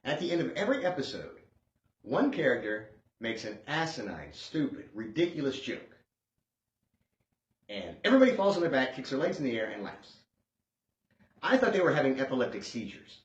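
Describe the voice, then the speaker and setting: A man doing a stand-up comedy set, sarcastic and animated, swinging between loud outbursts and hushed asides. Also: medium pitch, normal speed, pauses often. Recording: dull lo-fi sound in a roomy space.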